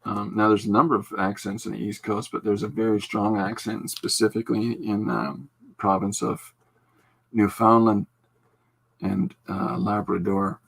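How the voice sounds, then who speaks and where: Gravelly, husky man chatting. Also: lowish voice, flat delivery, normal speed. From Canada. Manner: rambling, self-correcting, chuckling asides. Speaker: podcast host drawing comics live. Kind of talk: casual live-stream chat reading comments.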